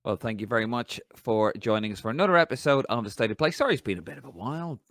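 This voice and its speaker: Lively, chatty man hosting a podcast. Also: medium pitch, fast, no echo. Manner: upbeat, chatty, plugging channels. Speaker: podcast host. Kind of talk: casual podcast chat.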